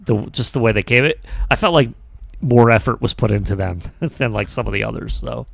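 A man's voice: medium pitch, a little fast, vocal fry, fairly bright tone, no room sound. A man in his thirties co-hosting a podcast in easygoing casual chat, laughing often. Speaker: podcast co-host.

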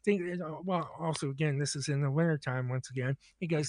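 A man's voice: a little high, a little fast. A man casually telling a long anecdote on a podcast, acting out both sides of the dialogue. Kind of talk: casual storytelling.

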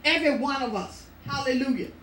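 Woman preacher, emphatic and repetitive, higher voice, recorded far off in a roomy church. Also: a little fast, a bit bright, a little hiss or hum. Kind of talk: sermon. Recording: echoey room, voice from far off.

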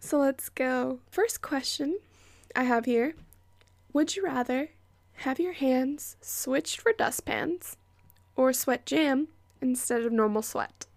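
A woman's voice: sits high, slow, gravelly, dry recording. A young woman hosting a casual podcast from a hot bedroom close to her microphone, ranting with sarcasm and profanity and sometimes dropping to a whisper. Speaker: podcast host.

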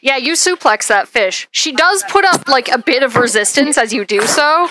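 A woman narrating a tabletop game as game master, in a relaxed, hesitant way. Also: high-pitched, moderate pace, poor audio.

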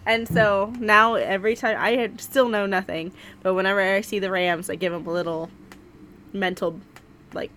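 A woman's voice: medium pitch, fairly even intonation, moderate pace, fairly bright tone, a little hiss or hum. A woman co-hosting a podcast in casual chat, playful and giggly. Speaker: podcast co-host.

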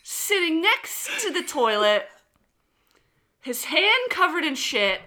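A mother on a podcast telling a story in casual chat. She is animated, swears a lot and acts out the lines of the people in it. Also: sits high, slow.

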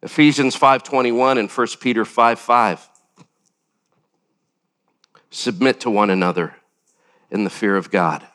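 An older man preaching a sermon as pastor, animated, with sudden jumps up in pitch and acted-out quotes. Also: measured pace, long pauses.

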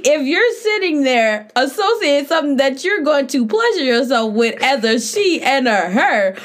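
A young woman co-hosts a chatty podcast. Her voice is fairly high and bounces around animatedly. She is blunt and giggly, and she swears freely. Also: a bit bright. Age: young adult. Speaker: podcast co-host. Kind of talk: casual chat.

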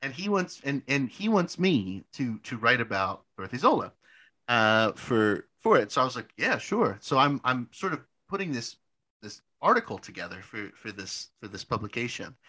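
A man's voice: medium pitch, very animated, moderate pace, sharp tone. A young man in a casual podcast chat, telling a long story with lots of restarts, "like" fillers and casual swearing. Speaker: podcast co-host.

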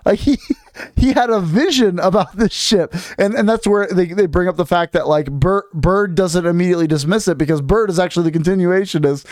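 A man's voice: high voice, fairly quick, a little mellow, dry recording, studio quality. Chatty man recapping a book. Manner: rambling, many restarts and fillers, reads passages aloud. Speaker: podcast co-host. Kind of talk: casual chat recapping a book.

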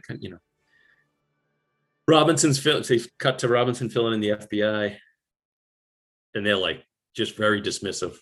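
A man hosting a casual chat, rambling through a movie recap with quick asides. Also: fairly low pitch, a bit bright, a little hiss or hum.

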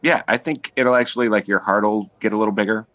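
A man's voice: on the low side, fairly even intonation, quick pace, fairly bright tone, no echo. A man, an actor guest on a podcast, talking casually in a rambling, self-mocking way. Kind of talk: casual interview chat.

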